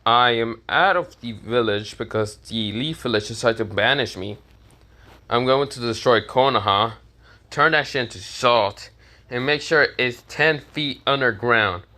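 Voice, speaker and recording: A scornful young ninja with salt powers, cold and flat-voiced, who threatens and swears as if nothing can touch him, as a man puts him on while telling the story. The voice is an ordinary one, barely changed. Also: mid-range voice, a little slow. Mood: contemptuous.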